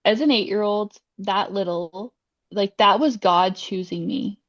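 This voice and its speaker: A woman's voice: mid-range voice, a little slow, dry recording. A young adult woman sharing her faith testimony in a casual interview, chatty and heartfelt, with lots of fillers. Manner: emotional, heartfelt. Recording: dry, slightly dull sound.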